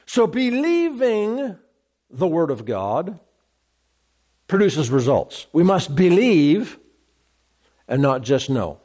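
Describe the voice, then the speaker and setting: A man's voice: a little high, very animated, slow pace, pauses often, warm tone. A man preaching a sermon, emphatic, repeating phrases and restarting mid-sentence.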